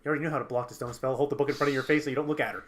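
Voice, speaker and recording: Man, game master, rapid halting speech, bright voice, a bit high-pitched. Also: steady tone. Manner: fast and halting, many restarts, explaining rules. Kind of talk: running a tabletop game, casual chat.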